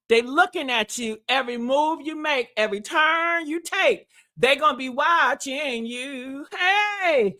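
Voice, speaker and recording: A woman's voice: sits high, pushed and bright. A woman hosting a gossip livestream, brash and profane, talking in a casual style and calling viewers honey and baby.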